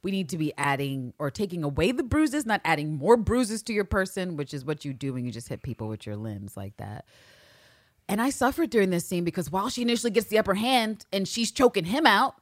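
A woman co-hosting a podcast, recapping a TV episode in casual, animated, profane chat. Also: lowish voice, a little fast, no echo, studio quality. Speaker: podcast co-host.

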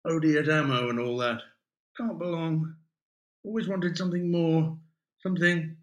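A man's voice: fairly high pitch, fairly even intonation, measured pace, lo-fi sound, voice pushed up, lightly acted. A man voicing a brash, pompous young male English teacher who talks in a grand, theatrical way. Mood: wistful.

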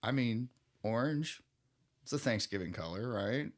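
A man's voice: medium pitch, expressive, unhurried. A man co-hosting a podcast, joking and swearing casually as he acts out characters in mock voices. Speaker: podcast co-host. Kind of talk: casual movie recap chat.

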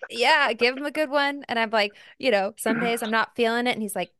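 A woman hosting a casual podcast interview, chatty and quick to laugh. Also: on the high side, a bit bright, clean tone, no room sound, studio quality. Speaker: podcast host.

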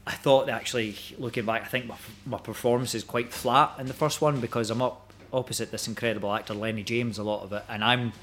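Scottish man chatting, halting. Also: mid-range voice, steady tone, fairly bright tone. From Scotland. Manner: rambling, many restarts and hesitations. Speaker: guest actor. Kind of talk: casual chat.

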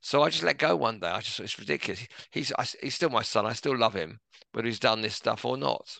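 Man, middle-aged, gravelly, low, reflective podcast guest, self-deprecating, dry close sound. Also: fast talker, no echo. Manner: gentle, reflective, self-deprecating, many restarts. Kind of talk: relaxed conversational storytelling.

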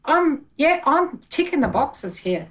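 A woman's voice: high-pitched, very animated, unhurried, distant mic, a little hiss or hum, poor audio. A woman, a bookkeeper, telling her story in a conversational interview, acting out her own past dialogue.

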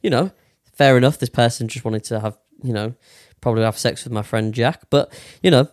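A man's voice: mid-range voice, a little fast, dry recording, clean studio sound. A young man casually telling a long story on a podcast, with lots of swearing and fillers. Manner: swears a lot, rambling with many fillers. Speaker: podcast co-host.

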